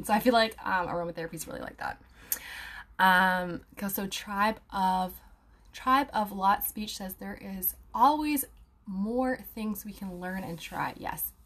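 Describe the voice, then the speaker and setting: Young woman rambling casually to viewers, lots of ums and laughs, medium pitch. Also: normal speed. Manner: chatty, animated, many fillers and laughs. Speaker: aromatherapy student and live-stream host. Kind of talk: casual chat reading viewer comments.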